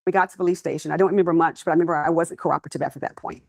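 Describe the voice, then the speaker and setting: A woman's voice: low-pitched, steady tone, rapid-fire, vocal fry, darkish tone, dry recording. A woman in her fifties giving candid, conversational courtroom testimony as a trial witness.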